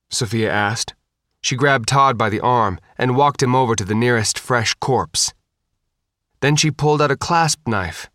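A man reading an audiobook with steady, scripted narration. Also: medium pitch, a little slow, no room sound, clean studio sound.

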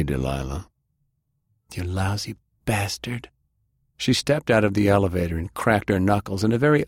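Deep-voiced man reading an audiobook. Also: vocal fry, darkish tone, breathy edge, dry recording, studio quality. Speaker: narrator. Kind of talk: audiobook narration.

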